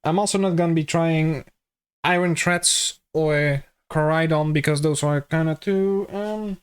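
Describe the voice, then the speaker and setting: Dutch-accented young man streaming, fairly high voice. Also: measured pace, clear, resonant tone. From Netherlands. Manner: jokey, swears freely, chats with viewers. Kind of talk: casual live-stream chat.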